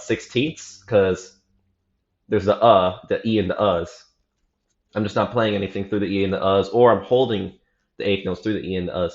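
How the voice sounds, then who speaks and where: A young man giving a casual, rambling report on his practice, often correcting himself and dropping slang. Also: low-pitched. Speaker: practice vlogger. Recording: roomy, slightly dull home recording.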